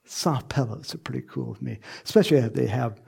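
A man preaching a sermon in a lively way, acting out quoted voices and laughing often. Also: medium pitch, a little fast, gravelly, breathy edge. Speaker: pastor.

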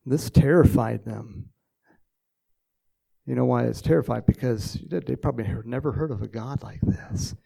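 A man's voice: medium pitch, normal speed, vocal fry, dark tone, husky. A man preaching a casual sermon, telling stories and praying in a folksy, chatty way.

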